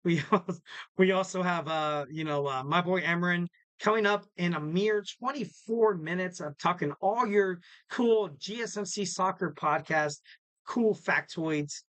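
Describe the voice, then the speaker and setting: High bright-voiced joking podcast host man. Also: unhurried, smooth, dry recording. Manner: rambling, joking, self-correcting. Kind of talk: casual podcast sign-off.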